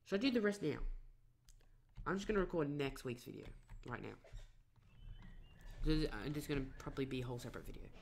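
A man's voice: fairly high pitch, expressive, quick pace, creaky, pauses often, a little hiss or hum. A man rambling through let's play commentary at his computer, full of self-corrections and fillers. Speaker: gamer.

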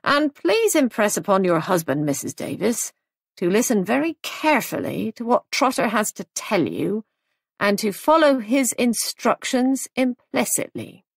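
A woman's voice: on the high side, very animated, measured pace, gravelly, slightly rough, no echo, clean studio sound, pitched above the performer's own voice, exaggerated voice. A woman voicing a confident male police superintendent on the telephone, speaking firmly and decisively. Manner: firm, decisive.

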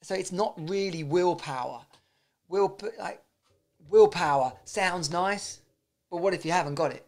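A man's voice: high voice, a little slow, creaky, pauses often. A man giving a casual, blunt motivational talk, swearing freely and often restarting his sentences. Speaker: self-improvement vlogger.

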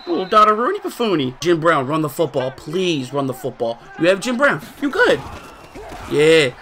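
A young man giving excited live commentary on his own football video game match, swinging between muttering to himself and loud shouting. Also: fairly high pitch, normal speed. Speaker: gaming streamer.

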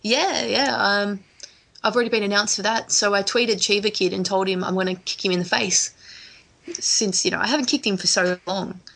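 Aussie woman telling stories on a podcast, creaky low rasp, chatty and giggly. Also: fairly even intonation, moderate pace, fairly bright tone, a little hiss or hum. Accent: Australian. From Australia. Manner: laughs easily, chatty storyteller. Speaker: guest, wrestler. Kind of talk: casual podcast chat.

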